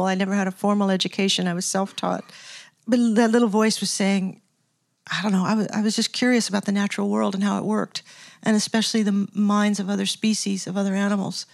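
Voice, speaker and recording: A woman's voice: mid-range voice, fairly even intonation, fast talker, gravelly. An older woman talking in an interview, telling stories in a reflective, chatty way with frequent laughs and restarts. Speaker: guest, record producer turned scientist. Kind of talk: casual interview storytelling.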